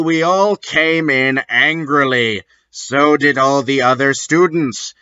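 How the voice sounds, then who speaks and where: A man giving a comedic dramatic reading in dry, deadpan narration, on a dull lo-fi recording. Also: medium pitch. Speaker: reader.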